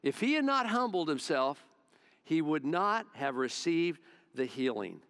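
A male pastor delivers a sermon with folksy, conversational storytelling. His voice sits a little higher than most men's, and he drifts casually between scripture and his own asides. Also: big pitch swings, unhurried, a bit bright.

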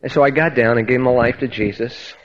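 The recording is radio-style, dull and echoey, from a church hall where a man gives a sermon built around his personal testimony. He speaks at medium pitch and fairly quickly, earnest and emphatic, often starting his words over.

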